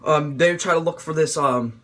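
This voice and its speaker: A young man excitedly reviewing a movie in an informal, rambling way, swearing freely. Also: a little high, moderate pace. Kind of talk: casual video review.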